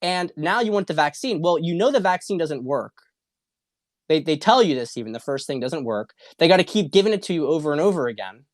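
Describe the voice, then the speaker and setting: Brisk and lively in intonation, a man with a fairly high voice hosts a political talk stream, recorded in a clean studio with no room sound. In a casual livestream monologue, he rants with great heat, wandering, repeating points, and cursing.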